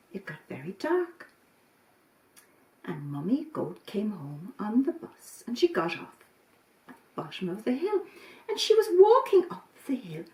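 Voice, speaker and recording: Woman telling a kids' story, slow and animated, echoey room, off-mic. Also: mid-range voice. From Ireland. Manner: expressive, slow, sing-song, dramatic pauses. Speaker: storyteller, volunteer. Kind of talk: children's story reading. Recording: roomy, from a distance.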